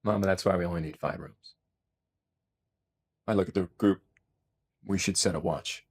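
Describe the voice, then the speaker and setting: A man at a tabletop game describing his character's actions, quick and matter-of-fact. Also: deep voice, a little mellow, breathy edge. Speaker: player.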